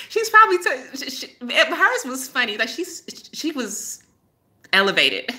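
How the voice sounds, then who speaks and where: Bright-voiced, laughing woman. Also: high-pitched, slow. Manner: laughs often, rambling and animated storytelling. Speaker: host and spiritual healer. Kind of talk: casual live-stream chat with viewers.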